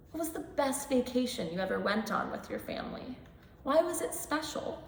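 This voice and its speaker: A young woman in her twenties leads a children's Bible lesson, telling stories with plenty of animation. Her voice sits fairly high and moves up and down a lot as she talks to the kids. The recording rings with the long reverb of a church sanctuary. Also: slight background noise. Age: 20s. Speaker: church school teacher.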